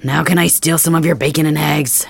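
A man voicing a gruff, teasing young male cat hybrid in an ASMR role-play, grumbling and blunt, with a gravelly, husky voice, close to the mic. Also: fairly high pitch, fairly even intonation, brisk, no echo.

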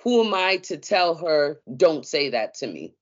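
A woman co-hosting a casual podcast, telling a story in an animated way with slang and lots of fillers. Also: low voice, a little slow. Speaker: co-host. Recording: dull lo-fi sound.

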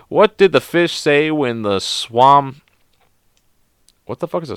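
A man reads out a stack of groan-worthy jokes, cursing and mocking himself between them. His voice swings widely in pitch as he gets exasperated. The sound is close and dry, with no room echo. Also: expressive, takes it slowly, clean tone. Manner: swears a lot, laughs at and mocks his own jokes; self-deprecating, exasperated. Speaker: video host. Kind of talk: reading jokes aloud to camera.

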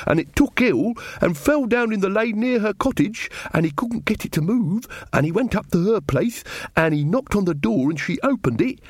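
A man's voice: high voice, dry recording, studio quality, voice pushed up. A man doing Weaver, a rambling rustic villager. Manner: rambling, eager storyteller. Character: male village weaver, chatty rustic amateur actor.

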